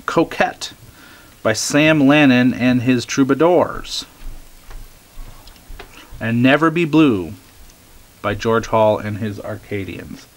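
A man chatting casually as he shows off his record finds, relaxed and eager, with many ums. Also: mid-range voice, takes it slowly, long pauses. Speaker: record collector showing finds. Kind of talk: casual show-and-tell vlog.

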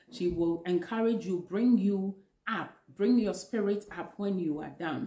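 A woman's voice: lowish voice, warm tone, roomy sound. A woman with a Ghanaian accent gives earnest, preachy relationship advice to camera from her home kitchen, repeating phrases for emphasis. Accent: Ghanaian English. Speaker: vlogger giving relationship advice. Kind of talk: home video talk to camera.

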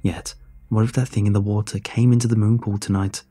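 A man's voice: fairly low pitch, flat delivery, brisk, mellow, husky. A man narrating a horror story in the first person, in a tense, scripted reading.

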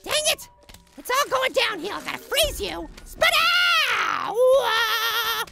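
A man voicing a tiny, excitable cartoon apple boy in frantic let's play commentary, yelling at the game. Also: a little slow, gravelly, full character voice. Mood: frantic excited. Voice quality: squeaky, sped-up high voice. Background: game music.

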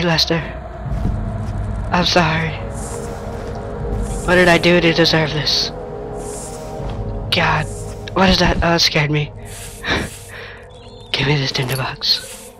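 Slow-talking, joking male game commentator. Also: on the high side, pushed and bright. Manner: jokey, talking to himself and an imaginary friend. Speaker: let's-play gamer. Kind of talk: casual gameplay commentary.

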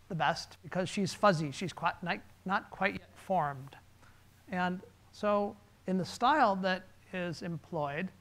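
A man, a designer, giving a relaxed, conversational presentation with slides, pausing with fillers. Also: high-pitched.

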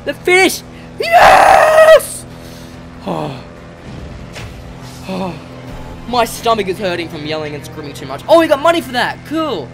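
A gamer giving excitable let's play commentary, yelling and cheering often while flying. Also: medium pitch.

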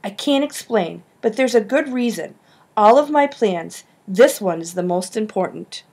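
A woman's voice: medium pitch, animated, measured pace, darkish tone, breathy edge. A woman voicing an eager, scheming schoolboy who pleads and insists. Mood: pleading.

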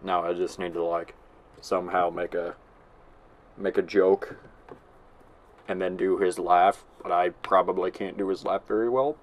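A man's voice: low-pitched, level tone, a little slow, long pauses. A man giving casual gameplay commentary, rambling and giggling as he mocks himself. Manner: rambling, giggly, self-mocking.

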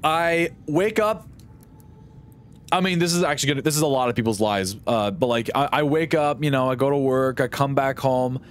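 A man's voice: medium pitch, lively intonation, normal speed, slight background noise. A young man streaming a game live, chatting in a rambling, jokey, sarcastic way. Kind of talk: casual live-stream chat while gaming.

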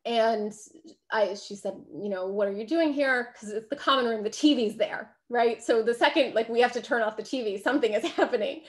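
A woman gives a public talk about her book in a chatty, emphatic way. Her voice sits a little higher than most women's, and she laughs easily as she keeps asking the room "right?". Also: brisk. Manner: conversational, emphatic, laughs often, frequent "right?". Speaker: author giving a book talk.

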